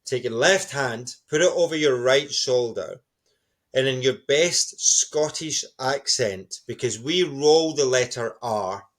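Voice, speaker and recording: Enthusiastic middle-aged man, mid-pitched. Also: slow. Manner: enthusiastic, encouraging. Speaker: guest speaker. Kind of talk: conversational interview answers.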